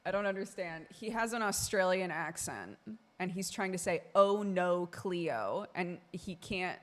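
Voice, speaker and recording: A woman's voice: on the low side, lively intonation, moderate pace. A woman streamer chatting casually with her viewers, laughing often as she talks. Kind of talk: casual live-stream chat.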